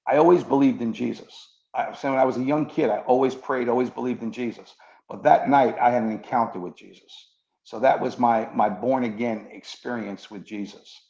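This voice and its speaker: A man's voice: mid-range voice, brisk, gravelly, mellow. A man, a former police officer turned preacher, earnestly telling his conversion story in an interview and acting out the dialogue he recalls. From New York. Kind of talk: personal testimony in an interview. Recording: muffled echoey room.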